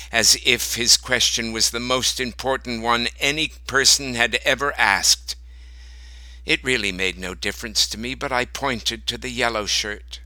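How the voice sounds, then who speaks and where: A man reading a short story aloud as narrator, slow and deliberate. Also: medium pitch, pushed and bright, no room sound, low-quality recording.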